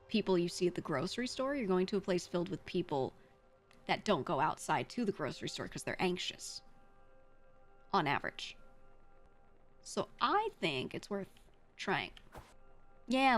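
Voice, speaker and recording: A woman streamer chatting casually with her chat, giving blunt, frank advice with some swearing. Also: mid-range voice. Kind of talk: casual livestream chat, answering chat.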